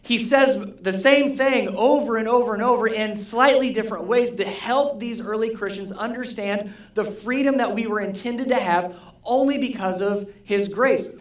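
A pastor gives a relaxed, conversational sermon in a roomy church sanctuary, and the voice echoes around the space. The speaker keeps checking in with the congregation through quick questions and circles back to the same key words. The pitch sits in a middle range. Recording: roomy hall echo.

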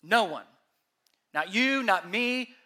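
A man preaching a sermon as pastor, emphatic, asking rhetorical questions, his voice rising and dropping sharply in loudness. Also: sits high, expressive, slow pace.

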